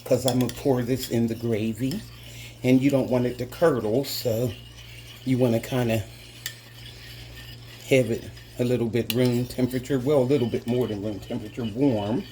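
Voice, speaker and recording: A man's voice: medium pitch, steady tone, normal speed, warm tone, slight background noise. A man hosting a casual cooking demonstration in a home kitchen, chatting to his viewers as "guys" and savoring each taste with little hums. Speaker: home cooking channel host.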